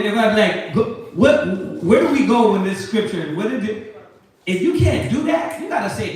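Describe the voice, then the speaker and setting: A man leads a scripture class with lively call-and-response preaching and slangy asides. He sounds set back from the mic in a very echoey room, and his voice sits fairly high. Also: normal speed, distant mic. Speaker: teacher leading a Sabbath scripture class. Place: classroom or meeting hall with a live group.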